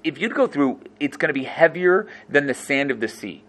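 Animated man teaching a scripture text. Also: on the high side. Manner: reads Hebrew verses, then explains them in quick English. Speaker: Torah teacher. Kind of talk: animated text-study class.

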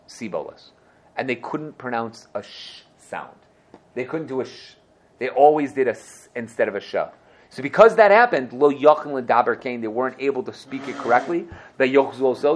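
A man leads a lively scripture lesson, reading each verse and then translating it. He throws himself into the quoted lines and often corrects himself mid-sentence. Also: medium pitch. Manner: self-correcting, quick asides. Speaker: Torah teacher. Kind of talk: lively Bible class teaching.

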